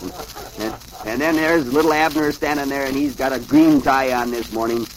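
A man's voice: mid-range voice, a little fast, noisy background. A man hosting a show who reads comic strips aloud to children, chatty and chuckling, with asides to his listeners. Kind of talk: lively read-aloud of funny papers.

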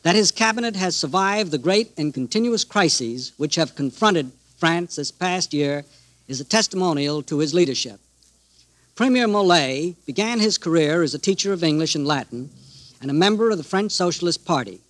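A man moderating a broadcast interview, introducing guests and asking questions in a crisp, formal, precise way. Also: a little high, animated, normal speed, a bit bright, no room sound.

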